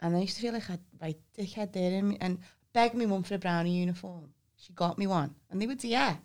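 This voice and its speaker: A woman, trading quick teasing banter in a casual podcast chat. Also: mid-range voice, darkish tone. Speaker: podcast co-host.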